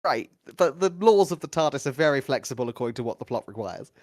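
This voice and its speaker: A man's voice: mid-range voice, expressive, fast, a little mellow, no echo. A man co-hosting a podcast, making wry, dry remarks in a casual review chat. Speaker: podcast co-host.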